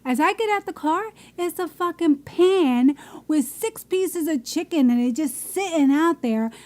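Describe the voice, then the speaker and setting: High-voiced woman telling a profane story. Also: measured pace. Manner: profane, animated, emphatic. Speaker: podcast co-host. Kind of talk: casual storytelling.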